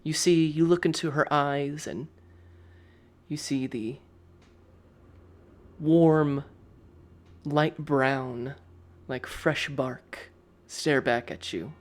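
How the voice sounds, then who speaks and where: A man's voice: fairly high pitch, steady tone, drawn-out words, pauses often. A man narrating a tabletop game as game master, describing scenes in the second person. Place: live stream.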